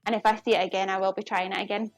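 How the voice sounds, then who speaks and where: A woman's voice: medium pitch, level tone, no room sound, faint music behind. A young woman with a Glasgow Scottish accent chatting casually to viewers while she cooks on a live stream, friendly and often apologetic. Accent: Glaswegian Scottish. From Scotland. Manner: chatty, apologetic, quick to laugh.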